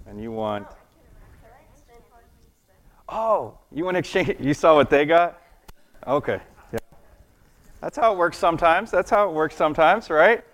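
A man's voice: a little high, expressive, unhurried, long pauses, a bit bright. Guy doing a kids sermon, chatty and playful, keeps asking the kids stuff. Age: adult. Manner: casual, chatty, asks kids questions; laughs at his own jokes, playful. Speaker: children's church teacher. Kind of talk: children's sermon with object lesson.

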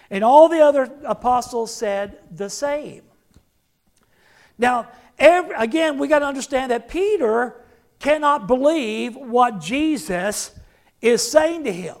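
A man's voice: extremely high pitch, lively intonation, unhurried, gravelly. A male pastor preaching a sermon, emphatic, acting out the words of the figures he quotes and putting questions to the congregation.

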